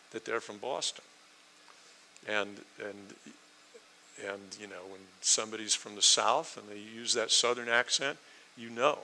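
An American male preacher, lively and questioning, with a sharp, very bright voice. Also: mid-range voice, a little hiss or hum, poor audio. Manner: animated, asks listeners questions, acts out quotes. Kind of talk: sermon, Bible teaching.

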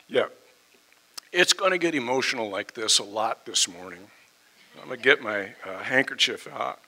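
Impassioned preacher with a bright, gravelly voice. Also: male voice, medium pitch, animated, normal speed, low-quality recording. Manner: impassioned, swings from loud emphasis to hushed tones. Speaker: pastor. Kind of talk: sermon.

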